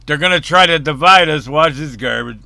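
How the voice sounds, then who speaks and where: A man's voice: fairly high pitch, fairly quick, creaky, heavy background noise. A man giving rambling, casual reaction commentary on a video, full of fillers and the odd swear.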